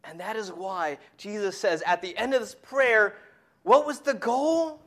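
A preacher giving a sermon who tells a family story and drops to a hushed whisper on key points. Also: medium pitch, unhurried.

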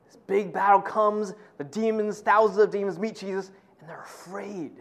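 Man, pastor, sermon, high-pitched, conversational, animated storyteller.

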